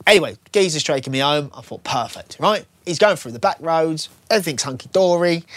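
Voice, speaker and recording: Young guy on radio, slightly high voice, dry close sound, acts out every bit of his story. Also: a little fast, dry recording. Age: 20s. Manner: animated storyteller acting out dialogue. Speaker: radio co-host. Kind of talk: casual radio chat, anecdote.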